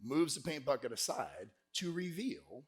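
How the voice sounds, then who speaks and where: A man giving a lively motivational sales keynote to a live conference crowd, telling stories and pushing the audience to shout answers back. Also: mid-range voice, measured pace. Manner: energetic, crowd call-and-response; folksy, peppered with "right?". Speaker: sales speaker.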